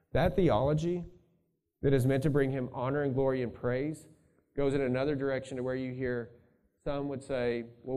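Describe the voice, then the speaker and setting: A man's voice: medium pitch, warm tone. A male pastor preaching a sermon in a conversational way, thinking aloud and adding asides to his congregation.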